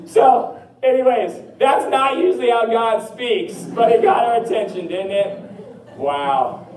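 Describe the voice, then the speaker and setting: A man preaching a sermon as pastor, earnest, repeating phrases and slowing down on key words. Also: very high-pitched, darkish tone, reverberant, recorded from a distance, rough recording.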